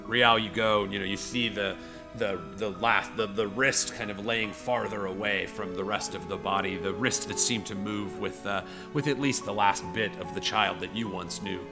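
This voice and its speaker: A man's voice: on the low side, fairly even intonation, moderate pace, music in the background. A man narrating a tabletop game as game master, rambling with many fillers. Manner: rambling, filler-heavy storytelling.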